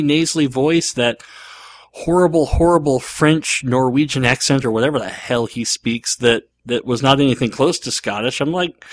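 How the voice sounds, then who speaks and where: Casting note: male solo podcaster, excitable and rambling, dry close-miked sound. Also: medium pitch, no echo. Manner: animated, rambling, frequent fillers and restarts. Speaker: podcast host. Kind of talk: casual solo podcast monologue.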